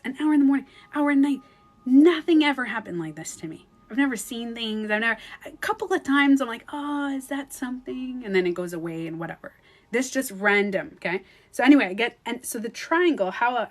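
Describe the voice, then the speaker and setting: A woman telling a story on a livestream in a casual, animated way, swearing now and then and acting out her own thoughts with lots of fillers. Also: fairly high pitch. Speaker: beauty coach livestreaming to followers.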